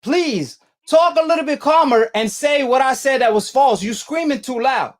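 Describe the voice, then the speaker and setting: A man's voice: extremely high pitch, moderate pace. A man hosting a boxing call-in show, arguing with a caller in a combative, slangy way and repeating himself. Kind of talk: heated call-in debate.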